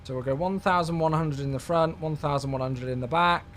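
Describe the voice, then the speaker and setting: A British man in his thirties chatting casually on a live stream, excitable and effusive as he thanks his viewers. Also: fairly high pitch, brisk, slight background noise.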